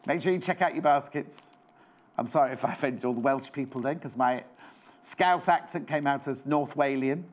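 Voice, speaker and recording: Speaking at a moderate pace in a mid-range voice, a man presents live on a TV shopping channel from the studio. His delivery is chatty and rambling as he counts down the stock and corrects himself.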